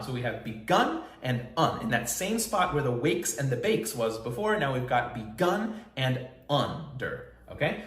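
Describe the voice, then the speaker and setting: A man's voice: mid-range voice, very animated, a little slow, a bit bright. A man teaching a songwriting lesson, explaining lyrics with enthusiasm. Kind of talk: song analysis lesson. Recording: roomy echo, faint music.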